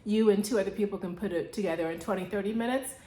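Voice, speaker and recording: Woman home vlogger, mid pitch, excitable rambling chat, roomy echo. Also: fast talker. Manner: chatty, excitable, rambling with laughs. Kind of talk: casual vlog chat. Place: at home indoors.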